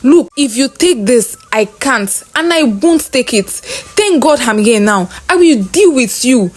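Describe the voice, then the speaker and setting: A woman doing a haughty, bullying rich fiancée in a spoken story, her voice pushed high and shrill. She yells every line and spits out insults. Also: lively intonation, a little slow. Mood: furious. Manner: yelling insults.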